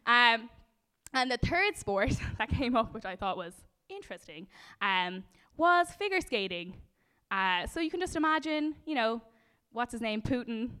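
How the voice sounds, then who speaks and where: A woman's voice: on the high side, big pitch swings, a little slow, sharp tone, clean tone. A young Irish woman riffing as a panelist on a comedy panel show, rambling and self-mocking, giggling at her own jokes. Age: young adult. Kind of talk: improvised stand-up comedy.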